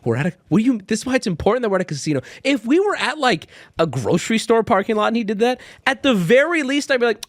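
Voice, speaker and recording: A man hosting a live stream, telling a story to his chat in a casual, exasperated, animated way with frequent restarts. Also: extremely high pitch, fast talker, dry recording. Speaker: streamer and host.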